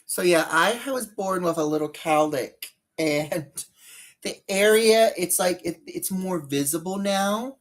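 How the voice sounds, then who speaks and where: A woman's voice: fairly low pitch, slow pace. A woman chatting casually on a live stream while doing her makeup, rambling and greeting viewers by name.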